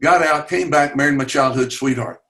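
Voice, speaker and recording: A man in his eighties with a Southern US accent, telling personal stories earnestly on a video call, halting with fillers and raising his voice at dramatic moments. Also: medium pitch, a bit bright. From Chattanooga, Tennessee. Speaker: webinar guest speaker. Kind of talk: personal storytelling.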